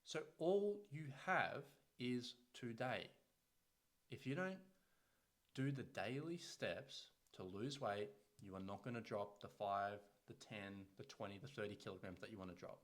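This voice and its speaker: A man's voice: on the low side, unhurried. A man, in his thirties, talking as a health coach in a podcast monologue, blunt and profane, hammering points by repeating phrases. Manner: blunt and profane, swears freely; emphatic, repeats phrases for punch.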